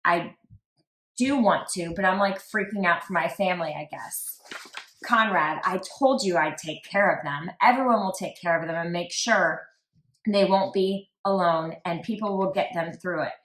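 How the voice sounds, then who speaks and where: Her voice sits on the low side and her pace is moderate as this true crime podcast host reads text messages aloud. She delivers the quotes flatly, breaks in often with "like," and keeps the chat casual, all over a roomy echo.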